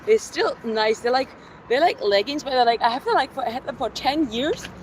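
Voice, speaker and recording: Woman streaming her workout outside, higher voice, chatting n counting reps, bit of street noise behind. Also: animated, a little fast. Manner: chatty, reads viewer comments aloud between sets; counts exercise reps, winded. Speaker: fitness vlogger. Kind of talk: casual live-stream workout chat. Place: outdoors in a city. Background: faint traffic and street noise.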